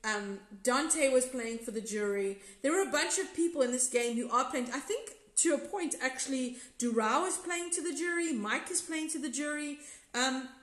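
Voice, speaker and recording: A South African woman with a slightly high voice talks through an episode recap in a loose, candid ramble. She corrects herself mid-sentence and reads out viewer comments. Her voice carries a roomy echo. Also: moderate pace, fairly bright tone. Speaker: episode reviewer and former contestant. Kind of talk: casual live recap chat reading viewer comments.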